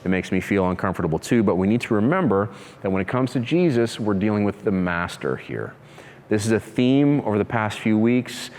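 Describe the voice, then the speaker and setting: Male pastor, casual conversational sermon, low voice, reverberant hall. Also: darkish tone. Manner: conversational preacher, acts out voices, laughs easily.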